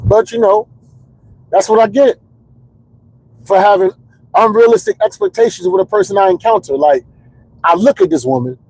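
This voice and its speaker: A man's voice: high-pitched, normal speed, pauses often, darkish tone, low-quality recording. A stand-up comedian telling candid, rambling comedic stories in casual chat, repeating words as he builds the jokes.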